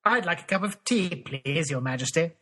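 A man with a bright, tense and slightly husky voice, pitched a little above the usual. He fires off crude one-liners for a comedy podcast sketch. Each line lands in a new regional accent. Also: expressive, moderate pace. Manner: crude punchlines, switching accent every line. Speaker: podcast co-host.

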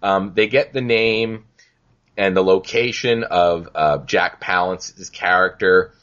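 Laid-back low-voiced podcast host. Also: male voice, takes it slowly, fairly bright tone, muffled recording. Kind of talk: casual film discussion.

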